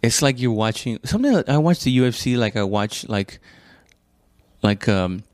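A man's voice: mid-range voice, expressive, normal speed, a little mellow, no room sound, studio quality. A man doing a casual comedic monologue, rambling and profane, often stopping to correct himself and calling the listener "dude". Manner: laid-back, addresses listener as "dude".

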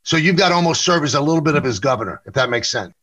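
Bright-voiced New York man telling stories. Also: fairly high pitch, animated, poor audio. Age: middle-aged. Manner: storytelling, quick self-corrections, repeats words. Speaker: sportscaster and interview show host, guest here. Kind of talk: casual interview conversation.

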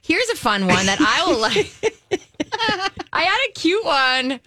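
A woman's voice: high voice, sing-song, slow, sharp tone. A woman co-hosting a radio show, chatty and playful as she shares light news items. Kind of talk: casual morning show banter.

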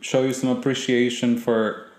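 A man's voice: medium pitch, level tone, darkish tone. Eager male interviewer, echoey room. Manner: eager, admiring, quick to interject. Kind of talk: casual interview conversation. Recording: roomy echo.

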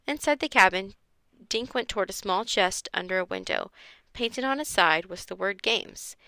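A woman reads a children's chapter book aloud, giving each character a voice. Her tone is bright with a gravelly edge. The sound is dry and close. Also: mid-range voice, expressive, moderate pace, no room sound. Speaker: reader.

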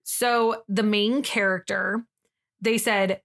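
A woman's voice: medium pitch, moderate pace, vocal fry, fairly bright tone. A woman co-hosting a podcast, telling a story in casual chat with frequent fillers and giggles. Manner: chatty and giggly, with many "like" fillers. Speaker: podcast co-host.

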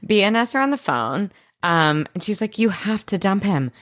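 A woman's voice: medium pitch, moderate pace. A woman co-hosting a podcast, chatting casually about a TV episode, swearing freely and acting out characters' lines. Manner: animated, swears freely, acts out quotes. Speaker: podcast co-host. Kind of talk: casual recap chat.

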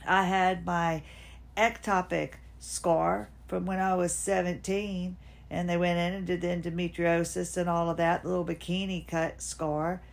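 A woman's voice: on the low side, flat delivery, measured pace, gravelly. A woman in her fifties hosts a casual personal monologue from home. She rambles from one thought to the next and sometimes talks to herself. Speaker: podcast host. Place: at home, seated.

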